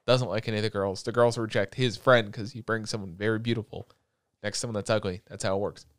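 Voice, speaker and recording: A young man hosting a casual chat, recapping a story in an animated, rambling, crude and joking way. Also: on the low side, fast, no echo, clean studio sound.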